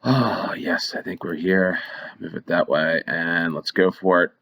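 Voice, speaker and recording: A man's voice: sits low, steady tone, measured pace, creaky, noisy background. A man giving casual play-along commentary on a geography game, thinking aloud and rambling as he goes.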